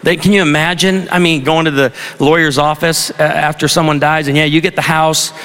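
Humorous preacher in a reverberant hall. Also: male voice, on the high side, flat delivery, a little fast, fairly bright tone. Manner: conversational storyteller, wry humor. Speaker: pastor. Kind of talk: sermon with humorous anecdotes. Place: large university auditorium.

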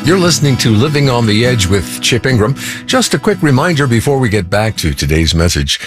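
A man's voice: medium pitch, big pitch swings, brisk, over loud music. A man reading a polished, scripted promotional announcement for a radio program.

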